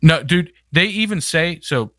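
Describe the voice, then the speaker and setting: A man's voice: a little high, animated, unhurried, sharp tone, dry recording. A man co-hosting a podcast, commenting casually on video clips and often restarting his sentences. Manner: rambling, many restarts. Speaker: podcast co-host.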